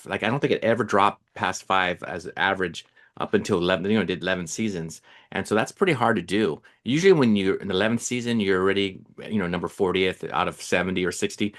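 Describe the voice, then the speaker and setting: Man, podcast co-host, slightly low voice, loose rambling chat full of "um" and restarts. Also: fairly bright tone. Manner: rambling, many fillers and restarts. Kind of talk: casual chat.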